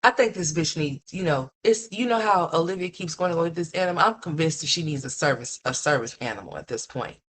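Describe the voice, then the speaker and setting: A woman with a low voice hosts a ranting commentary stream. She scolds bluntly and curses freely. Now and then she mocks other people by mimicking them in a higher voice. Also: a little fast, hardly any pauses, slight background noise. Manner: blunt, scolding, profane, mocking.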